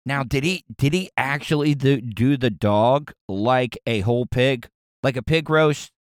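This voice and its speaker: A man's voice: mid-range voice, a little slow, clean tone, no echo, studio quality. A man hosting a radio show, riffing on a news story with crude, rambling jokes and frequent restarts. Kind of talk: casual comedic commentary.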